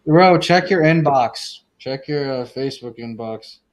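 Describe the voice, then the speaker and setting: A man's voice: medium pitch, measured pace, poor audio. A man co-hosting a live internet radio stream, laid-back, with dry remarks. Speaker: co-host. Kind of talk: casual live-stream chat.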